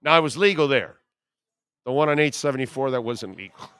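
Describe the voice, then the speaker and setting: A man's voice: mid-range voice, animated, brisk, fairly bright tone, smooth, no echo. A man in his fifties hosting a sports radio show, telling brash, profane stories in a casual way.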